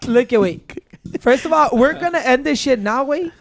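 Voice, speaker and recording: A man's voice: very high-pitched, lively intonation, normal speed, creaky. A man co-hosting a podcast, blunt and heated in casual banter, swearing freely. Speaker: podcast co-host.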